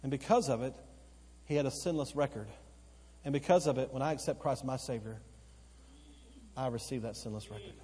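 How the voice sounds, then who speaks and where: A male pastor preaching a sermon, swinging between loud emphatic outbursts and slow, quiet, earnest stretches, repeating phrases for emphasis. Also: medium pitch, husky. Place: church sanctuary. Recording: long church hall reverb. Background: occasional congregation responses.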